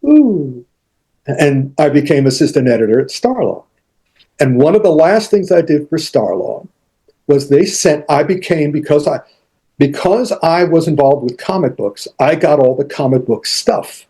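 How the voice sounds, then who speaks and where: Older man, husky, mellow storyteller. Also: fairly high pitch, normal speed. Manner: animated anecdotes, acts out quotes, frequent restarts. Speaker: interview guest, author. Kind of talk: casual storytelling interview.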